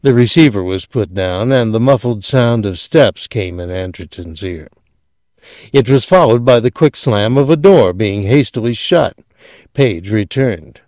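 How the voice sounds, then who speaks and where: A man giving a measured, deliberate scripted narration of a story. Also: fairly low pitch, expressive, a little mellow, dry recording, clean studio sound. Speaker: audiobook narrator.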